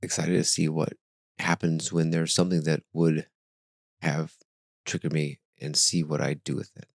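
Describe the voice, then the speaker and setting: A deep-voiced man in his forties talks through his thoughts on a podcast. His delivery is relaxed and searching, with hesitant restarts and sentences that trail off. The sound is dry and close. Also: moderate pace, vocal fry, no room sound. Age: 40s. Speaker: podcast host. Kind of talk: casual reflective podcast chat.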